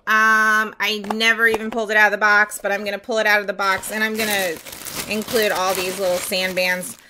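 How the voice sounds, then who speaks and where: A woman's voice: mid-range voice, level tone, fairly quick, noisy background. A woman chatting casually in a home vlog, rambling and candid as she shows off nail supplies, with lots of fillers. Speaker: nail artist selling supplies. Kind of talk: casual show-and-tell vlog.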